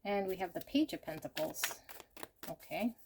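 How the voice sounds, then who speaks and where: A woman giving an intuitive tarot reading, gentle and effusive, often exclaiming in delight as she talks while laying out cards. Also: lowish voice, moderate pace, background noise. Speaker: tarot reader.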